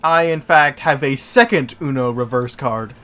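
A man playing a game with a friend, chatting casually, swearing, laughing and arguing loudly. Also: medium pitch, moderate pace, faint music behind. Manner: excitable, swears and laughs a lot, argues loudly. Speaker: co-op game player. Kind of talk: casual gaming banter.

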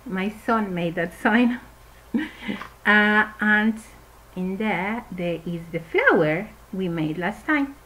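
Slow sing-song preschool teacher woman. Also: medium pitch, expressive, fairly bright tone, poor audio. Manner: cheerful, sing-song, slow and simple for small children. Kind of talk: children's craft lesson.

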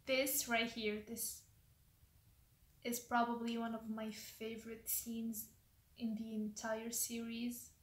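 A woman's voice: fairly high pitch, monotone, takes it slowly, slight background noise. A woman hosting a reaction video, rambling casually with lots of "like" and trailing off mid-sentence. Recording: roomy echo.

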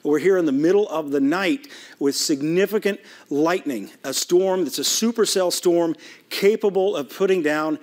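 A TV meteorologist on air during a live severe weather broadcast, his voice pitched a little high. He speaks with steady urgency from the studio, walking viewers through the radar. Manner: urgent, rapid, working the radar while talking.

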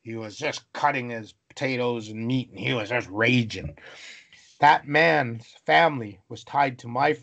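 A man from British Columbia, Canada, telling a story as an interview guest, animated and acting out voices. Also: medium pitch, normal speed, creaky. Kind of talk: storytelling in conversation.

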